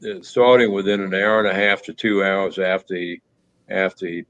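A man telling a personal story in a reflective, conversational way, pausing often with fillers and restarts. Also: fairly even intonation, fairly bright tone. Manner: halting, many restarts and fillers. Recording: muffled low-fidelity audio.

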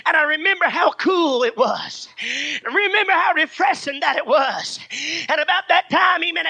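A man preaching a revival sermon, shouting in bursts with frequent "uh" fillers and acting out Bible stories in dialogue. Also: very high-pitched.

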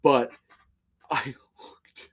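A young man co-hosting a podcast, chatting casually, swearing and laughing, with lively mock-shouted quotes. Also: extremely slow. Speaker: podcast co-host. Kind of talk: casual chat.

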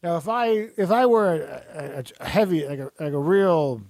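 Man, fairly high voice, joking co-host who rambles, laughs a lot, dry close sound. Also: lively intonation, moderate pace, gravelly, darkish tone, dry recording. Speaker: podcast co-host. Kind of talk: casual chat.

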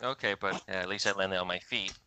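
Male player, lower voice, relaxed and profane, noisy recording. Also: quick pace. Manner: laughing, swearing, relaxed. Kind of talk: casual tabletop game chat.

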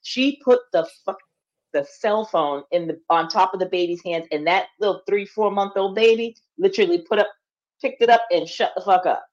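A woman's voice: mid-range voice, moderate pace, lo-fi sound. A woman co-hosting a casual chat, frank and blunt as she tells stories. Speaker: podcast co-host.

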